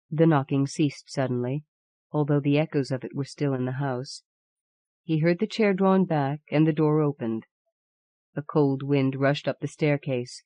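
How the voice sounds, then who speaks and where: A woman narrates an audiobook in a measured, even manner. Her voice sits low, and the recording is dry and close. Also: dry recording. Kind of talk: scripted narration.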